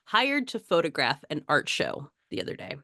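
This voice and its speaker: A woman co-hosting a casual podcast, chatty and quick to laugh. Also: low-pitched, huge pitch swings, gravelly, pushed and bright, dry recording, clean studio sound. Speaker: podcast co-host.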